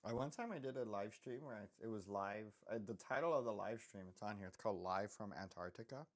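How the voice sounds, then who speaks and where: A man's voice: fairly low pitch, fast talker. A man chatting casually while drawing on a live stream, rambling and self-deprecating, often trailing off into mutters.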